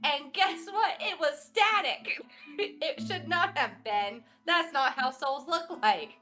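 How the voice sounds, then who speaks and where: A woman's voice: high-pitched, animated, takes it slowly, sharp tone, soft background music. A woman recapping a tabletop game session in a casual, giggly way, laughing often and swearing freely. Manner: giggly, breathless storytelling, frequent swearing.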